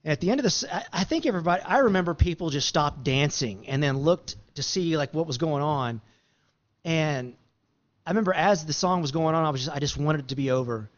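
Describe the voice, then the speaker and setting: A man's voice: on the high side, expressive, fairly quick, muffled recording. A man telling a long story in a rambling, easygoing way, full of fillers and restarts. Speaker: guest musician. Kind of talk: casual storytelling.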